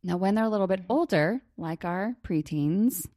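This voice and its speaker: A woman therapist co-hosting a parenting podcast, calmly explaining a method and softly acting out gentle example phrases. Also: mid-range voice, moderate pace, no room sound, clean studio sound. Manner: calm, explanatory, slips into soft hushed example phrases. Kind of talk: casual teaching on a parenting podcast.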